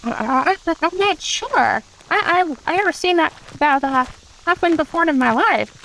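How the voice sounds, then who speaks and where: Woman playing a blunt tavern girl adventurer, high voice, hesitant starts. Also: animated, moderate pace, gravelly, a bit bright, slight background noise, heavily acted, low-quality recording.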